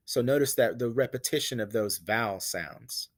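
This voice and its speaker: A man teaching a recorded lesson on poetry in a conversational way, with fillers and self-corrections, who reads verses slowly to stress their vowel sounds. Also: medium pitch.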